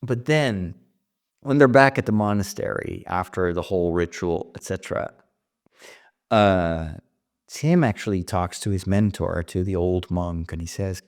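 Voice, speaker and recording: Guy with a creaky voice rambling through his story ideas, casual vlog talk. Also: low voice, a little slow. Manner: rambling, thinking aloud with frequent restarts. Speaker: writer and vlog host.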